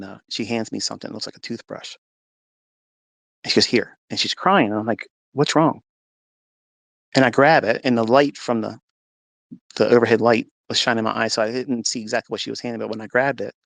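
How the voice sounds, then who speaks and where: A man's voice: mid-range voice, creaky, a bit bright, no room sound. A man telling an emotional personal testimony in an earnest storytelling way, acting out the dialogue. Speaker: speaker sharing a testimony.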